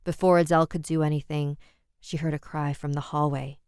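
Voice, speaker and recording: A woman narrating a scripted horror story, measured and dramatic. Her voice is low, smooth and resonant. The recording is dry and close, with no room sound. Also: little pitch movement, darkish tone, no room sound.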